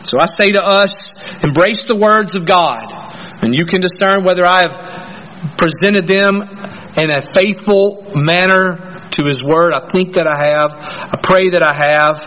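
A man's voice: high voice, a little slow, pushed and bright, lo-fi sound. A man preaching a sermon as pastor, telling stories and acting out indignant voices.

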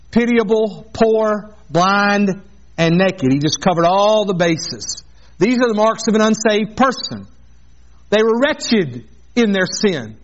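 A man's voice: sits high, dull audio. A man preaching an earnest sermon as a pastor, mixing scripture with a personal story.

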